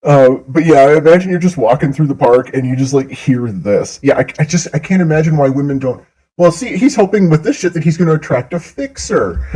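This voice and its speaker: A man's voice: fairly high pitch, dark tone, rough recording. A man giving mocking, profane reaction commentary on a clip and laughing often, speaking into a desk mic. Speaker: commentary host.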